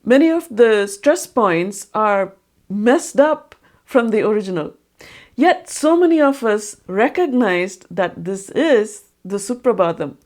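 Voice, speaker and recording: A woman's voice: medium pitch, animated, slow pace, a little mellow. A woman narrating an educational video on music and breaking down how melodies are recognized. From India. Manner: explanatory, sings short sung examples. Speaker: music explainer.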